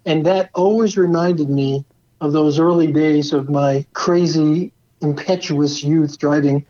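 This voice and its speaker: A man who is a guest, telling relaxed stories about building a truck, often saying "you know". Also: a little high, unhurried, highs cut off. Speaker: former truck program leader as guest. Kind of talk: casual storytelling.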